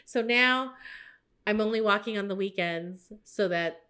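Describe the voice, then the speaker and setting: A woman's voice: mid-range voice, normal speed, a bit bright. A woman co-hosting a podcast, telling a story in casual chat, swearing freely and quoting herself in a jumped-up voice. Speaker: podcast co-host.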